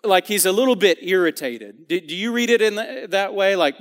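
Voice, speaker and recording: Man, sermon, earnest and conversational, slightly high voice, long church reverb. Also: lively intonation, normal speed. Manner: earnest, conversational, many restarts and fillers. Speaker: preacher. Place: church sanctuary.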